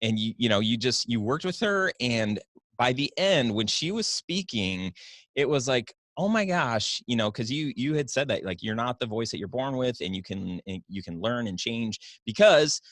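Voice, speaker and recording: A man's voice: medium pitch, animated, moderate pace, fairly bright tone, dry recording, studio quality. A man hosting a podcast, asking questions in a hesitant way with many restarts. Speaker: podcast host. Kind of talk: casual podcast interview.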